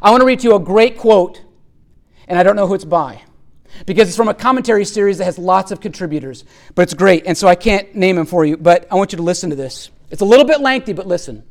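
A man preaching a sermon as pastor, reading a long quote with rising fervor and dropping to hushed lines. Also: high voice, lively intonation, fast. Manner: preaching with dramatic swells and hushed drops.

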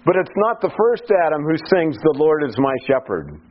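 A man preaching a sermon slowly and deliberately, his voice climbing to pleading cries when he quotes the psalms. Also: a little high, big pitch swings, highs cut off.

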